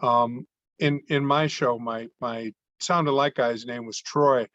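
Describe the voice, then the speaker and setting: A man who performs on stage, chatting thoughtfully and in a measured way on a group call with some fillers. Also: medium pitch, fairly even intonation, a bit bright, no echo, highs cut off. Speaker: comedy performer and speaker. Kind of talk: casual group call chat.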